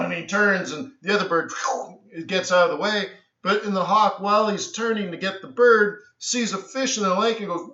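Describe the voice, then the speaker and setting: A tired man rambles through animated stories while hosting a live trading stream and keeps saying "so anyways". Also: high voice, normal speed. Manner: animated storyteller, says "so anyways" often, trails off. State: tired from little sleep. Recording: echoey room, dull lo-fi sound.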